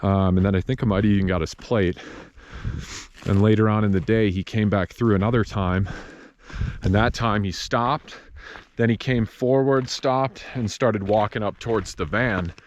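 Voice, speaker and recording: A man from Wisconsin vlogging outdoors in the desert, out of breath and telling a story in a rambling, low-key way. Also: steady tone, normal speed, dull audio. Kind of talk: casual vlog narration.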